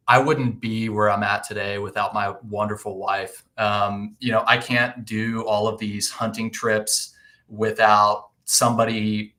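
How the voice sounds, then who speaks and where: A man's voice: fairly low pitch, pushed and bright. A man as a podcast guest in casual chat, earnest and thoughtful, often restarting his sentences.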